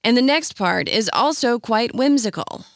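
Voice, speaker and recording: A woman hosting a radio music feature, reading scripted narration in a measured, explanatory storytelling manner. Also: a little high, expressive, dry recording, clean studio sound. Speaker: radio host.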